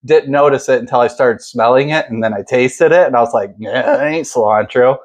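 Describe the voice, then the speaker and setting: A man's voice: medium pitch, a little fast. A man hosting a casual home cooking video, chatting in a laid-back, self-deprecating way while he makes salsa. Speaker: cooking channel host.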